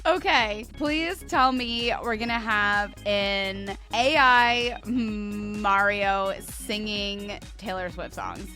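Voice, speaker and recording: A woman guessing in a casual quiz, expressive and musing over her answers. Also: mid-range voice, drawn-out words, few pauses, over music. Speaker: quiz contestant. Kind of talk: casual chat.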